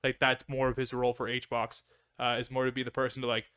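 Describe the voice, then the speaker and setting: A man's voice: mid-range voice, monotone, a little fast, a bit bright, smooth, no echo. A young man co-hosting a podcast, chatting casually and animatedly with frequent laughter. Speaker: podcast co-host. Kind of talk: casual chat.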